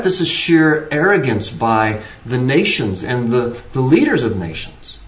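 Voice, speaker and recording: A man's voice: mid-range voice, sing-song, unhurried. A man preaching an earnest sermon, pressing his points with shifting emphasis and frequent restarts. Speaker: pastor. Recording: roomy, distant from the mic.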